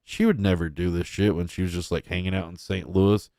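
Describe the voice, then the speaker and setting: A man's voice: deep voice, fairly even intonation, fairly quick, gravelly, a little mellow, no room sound, studio quality. A young man giving casual, crude and mocking reaction commentary as a streamer.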